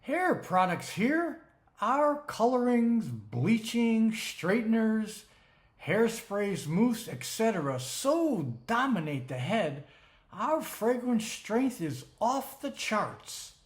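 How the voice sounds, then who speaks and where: A man's voice: sits high, big pitch swings, slow, voice pushed up, exaggerated voice. A man voicing boastful hair products that brag about dominating. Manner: boastful, listing. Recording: roomy echo.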